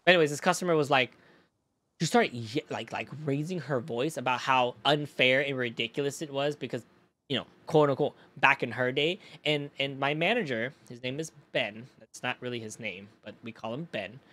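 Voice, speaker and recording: A man's voice: medium pitch, normal speed, a bit bright. A man streaming live, chatting casually and rambling. He swears freely and breaks off to react to chat. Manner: rambling, profane, reacting to chat mid-story.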